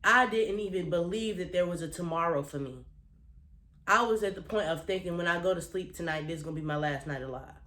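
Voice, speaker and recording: A woman vlogger gives her viewers a blunt, profane, heartfelt motivational talk, earnest, emotional and holding back tears. She speaks fairly quickly in a lowish, slightly bright voice, emphatically repeating phrases for weight, and the sound is roomy.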